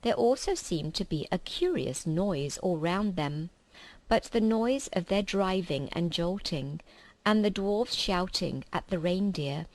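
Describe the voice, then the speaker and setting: A woman reads a children's story aloud in a calm, measured way. Her voice is fairly low, and her pace is very slow and deliberate. The recording is dry and close, with no room sound. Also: no room sound, low-quality recording. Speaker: reader. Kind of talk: reading a children's novel aloud.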